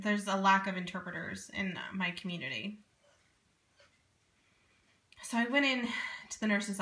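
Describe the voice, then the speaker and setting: A woman in her thirties telling a personal story as a parent, in an earnest, animated way with many asides. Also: fairly low pitch. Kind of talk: casual first-person storytelling. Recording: echoey room.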